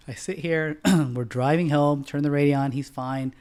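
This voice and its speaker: Here a middle-aged man who started a bank chats on a podcast, narrating with casual animation at normal speed. Whenever he performs a quote, his voice shoots into a sharp, high-pitched outburst, and he clears his throat often.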